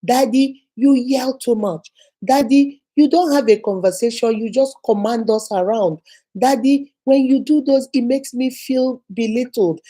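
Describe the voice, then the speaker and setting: A woman's voice: on the high side, measured pace, warm tone. A woman voicing a hurt young daughter. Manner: hurt, earnest complaints. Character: young daughter pleading with her father.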